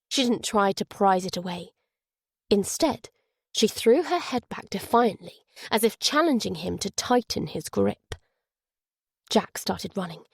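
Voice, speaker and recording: A woman's voice: medium pitch, no room sound, clean studio sound. Woman narrating a thriller audiobook. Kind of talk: scripted narration.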